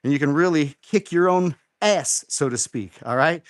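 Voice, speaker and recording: A man's voice: on the high side, lively intonation, normal speed, no echo. A middle-aged man hosting a live workout show, coaching a viewer through exercises in an encouraging way and repeating his instructions. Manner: encouraging, repeats instructions, counts reps aloud. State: out of breath after exercise.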